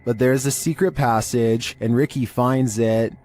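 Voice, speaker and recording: A man reads a scripted countdown of eerie clips in a steady, monotone way. His tone is dark and mellow, sitting in an ordinary middle pitch, and it stays even throughout. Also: moderate pace, soft background music. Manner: monotone, calm delivery. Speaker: narrator of a creepy-video countdown. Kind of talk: scripted narration.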